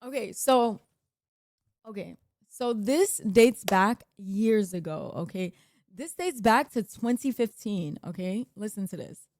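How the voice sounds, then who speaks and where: A woman with a New York accent telling a long, profane story in a casual, animated way, shouting out the lines she quotes. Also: medium pitch, slow, no echo. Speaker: streamer.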